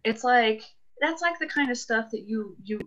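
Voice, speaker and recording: A woman's voice: a little high, expressive, moderate pace, a bit bright, dull audio. A woman joining a chat as a guest over a video call, talking in a gushing, rambling way and laughing often. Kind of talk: casual chat.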